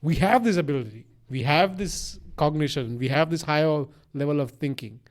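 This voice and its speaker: A man's voice: fairly high pitch, moderate pace. A young man with a mixed accent chatting as a podcast co-host, rambling and swearing, with lots of restarts. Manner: rambling, profane, animated, many restarts. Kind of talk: casual chat.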